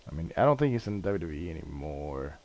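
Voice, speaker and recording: A man with a low voice talks loosely while playing a game on stream. He rambles, gets excited and curses freely, like chatting with friends. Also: brisk. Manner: rambling, excitable storytelling with frequent swearing. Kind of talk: casual gaming stream chat.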